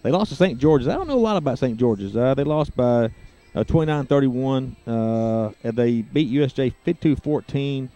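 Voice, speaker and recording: A man doing play-by-play for a high school football broadcast, relaxed and chatty with lots of fillers. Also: normal speed, hardly any pauses, dull audio. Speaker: play-by-play announcer.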